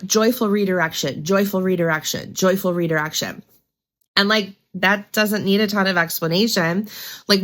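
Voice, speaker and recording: A woman's voice: mid-range voice, a bit bright. Woman rambling thru a daily spiritual reading, lots of um and you know, keeps asking right?. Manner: rambling, filler-heavy, often asks "right?". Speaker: spiritual reader, channel host. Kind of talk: casual spiritual reading talk.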